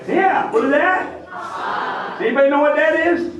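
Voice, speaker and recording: High-voiced Maine humorist in an echoey hall. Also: male voice, fast talker. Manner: broad drawled joking, teasing the crowd with call-and-response. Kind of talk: stand-up comedy lesson to an audience. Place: hall with a live audience. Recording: echoey hall, mic far off, crowd audible.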